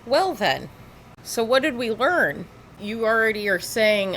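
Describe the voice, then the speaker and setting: A woman's voice: fairly high pitch, very animated, unhurried, fairly bright tone, a little hiss or hum. A woman giving sarcastic, lecturing reaction commentary over police footage.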